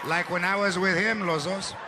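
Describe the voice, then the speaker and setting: A man voicing a stubborn, blunt old Mexican grandmother who mutters in a low, worn voice, mixing Spanish and English. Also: steady tone, moderate pace, lightly acted. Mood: wistful. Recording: live theater show with crowd noise.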